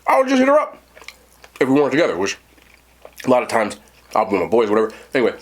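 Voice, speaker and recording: Rattling along rapid-fire, a mukbang host with a husky voice spins a long, lively tale as his pitch jumps around. He keeps things casual and animated, talking directly to his chat.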